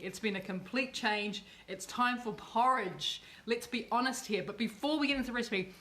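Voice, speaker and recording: A woman hosts a livestreamed cooking demo with bubbly, effusive energy. Her voice is a little high for a woman and a bit bright, and she tends to circle back and repeat her words.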